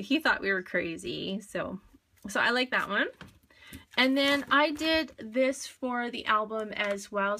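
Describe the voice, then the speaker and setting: A woman vlogger showing her scrapbook layouts in a casual, rambling show-and-tell chat, full of fillers and quick asides. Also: medium pitch, pushed and bright. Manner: chatty, rambling, many fillers.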